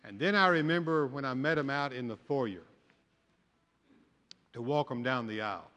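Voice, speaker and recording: An older pastor preaches a sermon in a church sanctuary, mixing folksy storytelling with humor. His medium-pitched voice is bright and forceful at a moderate pace, with long church hall reverb on the recording.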